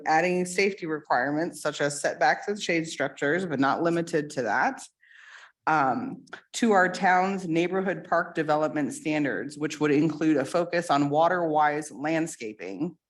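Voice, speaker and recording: A woman's voice: low-pitched, normal speed. A woman on a town board reading out a formal motion carefully. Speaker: town trustee.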